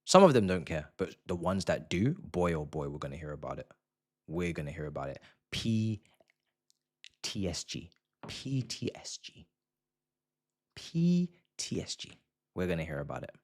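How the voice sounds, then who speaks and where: A young man hosting a live football watchalong stream, slangy and repetitive, swinging from hushed murmurs to excited shouting. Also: sits low, moderate pace, long pauses. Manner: slangy, repeats phrases for effect. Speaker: livestream host of a match watchalong.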